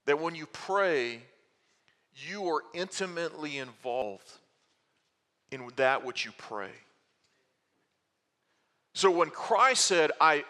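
A man in the pulpit giving a teaching sermon, working through a passage with rhetorical questions and small restarts. His voice is bright and sits a little high. The sound carries a long hall reverb. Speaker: pastor. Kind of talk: expository sermon.

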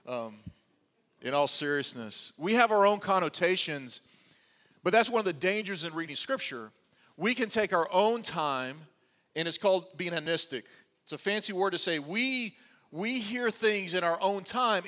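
A man preaches a sermon in a high, clear voice, mixing careful teaching with wry, joking asides. His words ring out with a long reverb in a church sanctuary. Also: bright, forceful tone. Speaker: pastor.

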